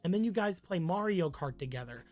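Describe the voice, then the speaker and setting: Streamer, live-stream storytelling, rambling and crude, mid pitch, faint music behind. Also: lively intonation, fairly quick, darkish tone.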